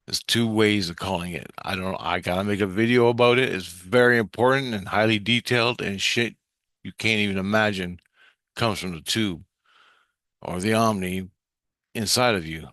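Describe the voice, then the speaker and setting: A man's voice: on the low side, moderate pace, a bit bright, dry recording, studio quality. A man rambling through a profane, intense monologue about his spiritual experiences.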